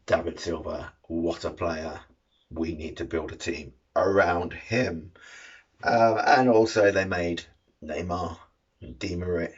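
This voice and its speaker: A man's voice: deep voice, breathy edge. A middle-aged man chatting casually through the news from his shed, cheeky and sweary, with dull lo-fi sound. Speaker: vlogger.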